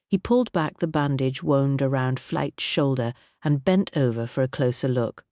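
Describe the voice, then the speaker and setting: A woman narrating a mystery audiobook in an expressive storytelling manner, recorded on a close studio mic. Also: rumbling low, normal speed, no echo.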